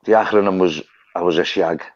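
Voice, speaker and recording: Scouse guy chatting on a phone, low voice, kinda muffled and dry. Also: a little fast, no room sound. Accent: Liverpool. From Liverpool, England. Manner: chatty, rambling storyteller who laughs often. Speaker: live stream host. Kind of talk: casual chat.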